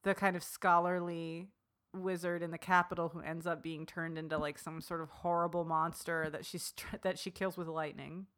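Woman, bright voice, animated, retells scenes, casual book chat. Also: on the low side, moderate pace. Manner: animated, acts out characters' lines. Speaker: book discussion co-host.

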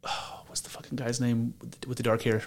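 A man's voice: mid-range voice, level tone, brisk. A man co-hosting a podcast, chatting casually and enthusiastically, rambling with restarts and the odd swear word. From United States. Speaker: podcast co-host. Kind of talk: casual chat.

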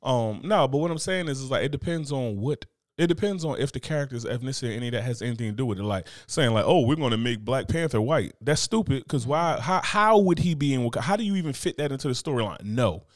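A man in casual podcast chat, arguing his points in a loose, profane, animated way. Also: mid-range voice, quick pace, no room sound, clean studio sound. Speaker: podcast co-host.

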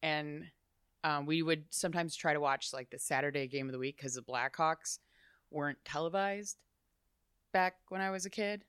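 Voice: medium pitch, moderate pace, a bit bright, clear, resonant tone, dry recording, clean studio sound. A guest from Chicago telling stories in a casual interview, rambling with lots of "like" asides. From Chicago, USA. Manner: chatty, rambling, full of "like" asides.

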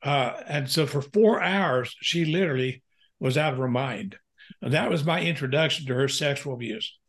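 An older man, a pastor and counselor, telling a candid personal story in an interview, earnest and halting with frequent fillers. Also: medium pitch.

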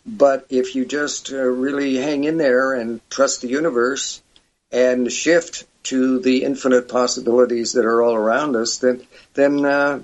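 A man speaking as a guest, earnest and halting, with a mid-range voice. The audio is dull and lo-fi. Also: medium pitch, fairly even intonation. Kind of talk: casual interview.

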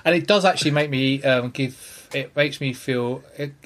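A man's voice: mid-range voice, moderate pace, a bit bright, a little hiss or hum. A man co-hosting a podcast, chatting casually in a rambling, self-deprecating way. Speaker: podcast co-host. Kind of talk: casual chat.

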